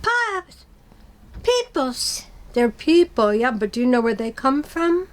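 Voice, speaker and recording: A middle-aged woman telling a story to children, gentle and patient, asking them questions as she goes. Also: a little high, lively intonation, normal speed.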